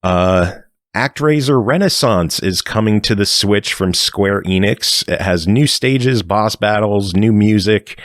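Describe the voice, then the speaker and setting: A man's voice: fairly low pitch, no room sound, studio quality. Man reading gaming news on a podcast. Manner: brisk news rundown with fillers and swearing. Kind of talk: casual podcast chat.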